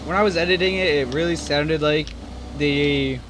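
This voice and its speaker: A man's voice: a little high, moderate pace, background noise. A man giving casual, rambling gameplay commentary as host of his own gaming channel, self-deprecating and chatty, over faint game sounds. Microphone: desk microphone. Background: farm game engine sounds.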